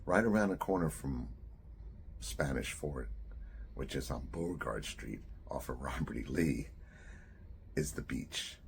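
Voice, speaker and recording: An older man in his sixties, from New Jersey, recounts a memory from his youth. His voice sits extremely low with a gravelly rasp, and he talks loosely, at times dropping to a near-whisper. Faint background noise runs under the recording. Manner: conversational, drops to a near-whisper at grave moments. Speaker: author. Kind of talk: personal storytelling.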